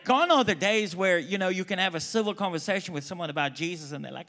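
Animated South African preacher man. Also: high voice, fast. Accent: South African, mixed with American. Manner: emphatic, rising and falling between loud calls and quiet asides. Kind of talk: sermon.

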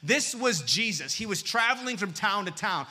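Bright-voiced, lively male pastor. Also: sits high, moderate pace. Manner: lively and humorous, swinging between loud and hushed. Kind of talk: sermon.

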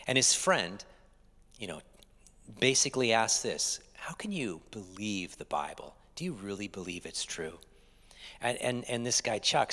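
A man preaching a conversational sermon, moving between loud emphasis and hushed, whispered asides. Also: on the low side, big-room sound. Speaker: pastor.

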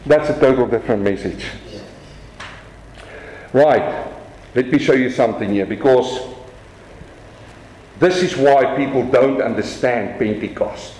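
South African pastor preaching in echoey hall. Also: male voice, mid-range voice, a little slow. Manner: animated preaching, swings from quiet to raised. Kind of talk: sermon.

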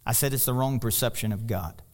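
A man's voice: mid-range voice, a little fast. A man preaching a sermon in a folksy, storytelling way, with joking asides and a voice that climbs when he presses a point. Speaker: pastor.

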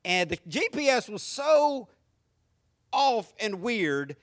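A man's voice: high voice, very animated, slow, a bit bright. A middle-aged man with a Southern US accent, preaching a sermon as a pastor and telling humorous stories to his congregation.

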